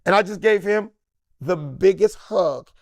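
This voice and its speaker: Animated man telling a story, dry sound. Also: high voice, a little slow, dry recording. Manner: acts out each person in the story with changed voices.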